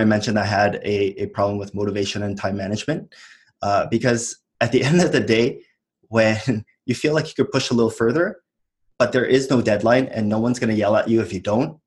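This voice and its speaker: A man in his thirties, an entrepreneur as guest, talking casually and reflectively, with frequent small laughs. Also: lowish voice. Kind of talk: casual chat.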